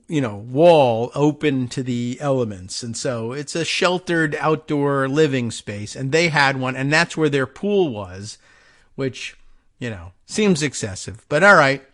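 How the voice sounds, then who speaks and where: A man's voice: mid-range voice, a little slow, fairly bright tone. A man hosting a talk show, thinking aloud in a casual, rambling monologue, wry and self-mocking as he wanders off topic. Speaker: radio show host.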